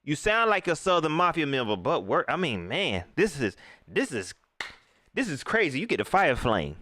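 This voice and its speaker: A man's voice: a little high, very animated, moderate pace, bright, forceful tone, slight background noise. A man hosting a live post-game stream, ranting about his team and reading out viewer comments. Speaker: livestream sports commentator.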